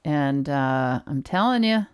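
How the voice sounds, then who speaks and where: A middle-aged woman co-hosting a podcast in casual chat, dry and unhurried, with lots of pauses and fillers. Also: low-pitched, expressive, clear, resonant tone, dry recording. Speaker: podcast co-host.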